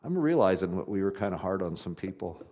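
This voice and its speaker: A man preaching a sermon in a conversational, folksy way, swinging from loud emphatic passages to quiet ones. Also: sits low, sing-song, quick pace. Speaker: pastor.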